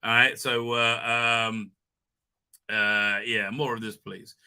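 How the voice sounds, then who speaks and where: A man with a croaky voice from being sick, hosting a rambling casual livestream. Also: mid-range voice, level tone, slow pace, sharp tone. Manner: rambling, many restarts and fillers. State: hoarse from illness. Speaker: livestream host.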